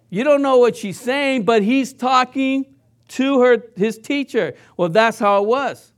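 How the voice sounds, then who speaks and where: High-voiced man preaching a sermon. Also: measured pace, clear, resonant tone. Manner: conversational preaching with questions to the congregation; playfully mimics sounds and voices to illustrate points. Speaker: pastor.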